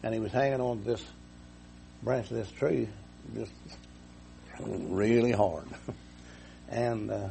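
Man preaching, real gravelly low warm voice, folksy and rambling, bit of hiss. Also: steady tone, takes it slowly, pauses often. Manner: folksy, repetitive, chuckles at own jokes. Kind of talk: sermon.

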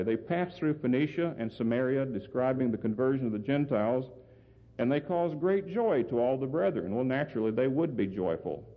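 Emphatic man preaching in a reverberant hall. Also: medium pitch. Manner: earnest, emphatic, asks the listeners questions. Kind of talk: sermon, Bible exposition. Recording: phone-like sound with long hall reverb.

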